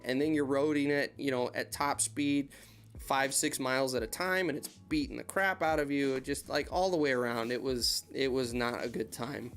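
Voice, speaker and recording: A man's voice: mid-range voice, moderate pace, a bit bright, soft background music. A man from the United States hosting a casual live-stream Q&A from his desk, chatting in rambling anecdotes and greeting viewers by name. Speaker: YouTube channel host, heavy equipment operator.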